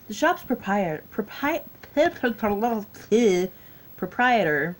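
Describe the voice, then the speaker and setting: A woman's voice: mid-range voice, darkish tone, slight background noise, rough recording. A tired woman with a Southern US accent, reading a text adventure game aloud with her own asides and stumbling over long words. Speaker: gaming YouTuber.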